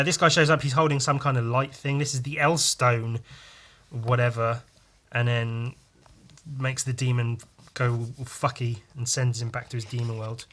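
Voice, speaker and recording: A man's voice: medium pitch, a bit bright. A man hosting a podcast, paging through a comic with casual, profane, rambling and jokey commentary. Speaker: podcast host.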